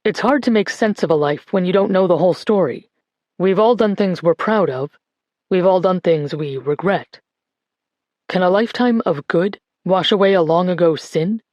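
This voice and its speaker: A woman voicing a grieving man who gives a slow, measured eulogy at a church funeral. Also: lowish voice, a little mellow, no room sound, muffled recording, natural voice. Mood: solemn, reflective. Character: grieving grandson giving a church eulogy, male adult.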